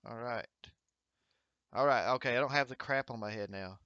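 A man's voice: medium pitch, moderate pace, bright, forceful tone, dry recording, muffled recording. A man hosting a gaming livestream at home, chatting upbeat and encouraging while reading viewer comments aloud. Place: home streaming setup with green screen.

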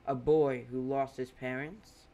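A man voicing a brooding, smug teenage vigilante in a bat suit, speaking loud, slow and menacing. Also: mid-range voice, steady tone, narrow, tinny audio, lightly acted. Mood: commanding.

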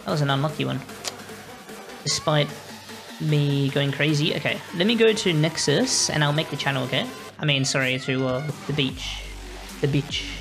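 Talking over music in a low voice with vocal fry, a young Australian woman keeps a moderate pace while playing a game live. She rambles casually to her chat, apologizing along the way.

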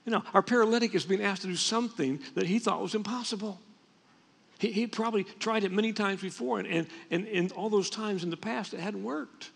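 In a church sanctuary, a male pastor preaches a sermon conversationally, often restarting his sentences. His voice is high, fast, creaky and husky, and the church hall gives it a long reverb.

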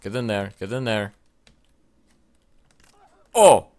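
A young man narrating his own gameplay in a low voice that swings wildly in pitch. He jumps between mumbling to himself and shouting at the game, peppering it with mild curses, while keyboard typing is heard behind him. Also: slow. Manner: excitable, yelling at the game, mild swearing. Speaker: let's play gamer. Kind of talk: gameplay commentary.

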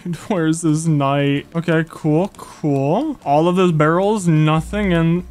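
Excitable young man gaming commentary. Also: fairly high pitch, slow, hardly any pauses, faint music behind. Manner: excitable, gushing, yelps at enemies. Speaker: gaming YouTuber. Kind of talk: Let's Play commentary.

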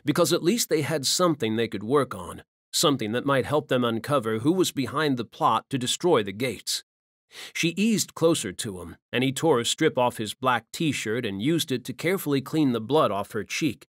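A man's voice: medium pitch, moderate pace, no room sound. Guy reading a romance audiobook, lots of swing in his voice, dead dry recording. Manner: dramatic, expressive. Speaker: audiobook narrator. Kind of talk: scripted narration.

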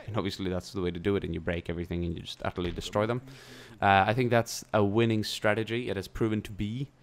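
Young man, very low voice, casual let's-play commentary, thinking aloud, desk mic. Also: flat delivery, quick pace. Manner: chatty, thinking aloud while playing, casual swearing. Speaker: gameplay commentator.

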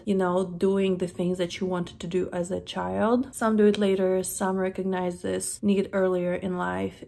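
A woman in her thirties vlogging from home in a candid, reflective chat, with many fillers and soft laughs. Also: medium pitch, vocal fry. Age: 30s. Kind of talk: casual reflective vlog chat. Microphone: camera-mounted shotgun mic.

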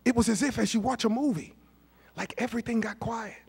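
A man, a pastor preaching a storytelling sermon, moving from hushed asides to shouted peaks. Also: extremely high pitch, fairly quick, vocal fry, breathy edge. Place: church sanctuary. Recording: long hall reverb of a church.

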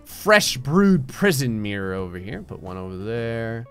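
A man doing an impression of a calm, soft-spoken TV painting instructor, talking in a hushed, soothing way. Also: mid-range voice, unhurried, faint music behind, pitched below the performer's own voice.

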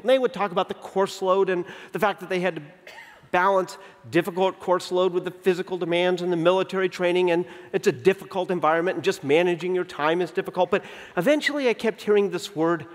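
A man in his fifties speaks from a stage at a conference, with a fairly high voice for a man. His keynote is full of story, with dialogue acted out and key lines drawn out slowly. A long hall reverb trails behind every phrase. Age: 50s. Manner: animated storyteller who acts out dialogue and slows down for emphasis. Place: large conference venue.

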